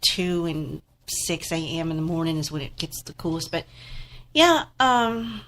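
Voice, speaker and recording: A woman's voice: low voice, expressive, unhurried, fairly bright tone. A woman co-hosts a live internet talk show in easy, casual chat. Her voice sounds stuffed up and nasal from congestion, and she keeps the talk chatty and upbeat. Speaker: podcast co-host.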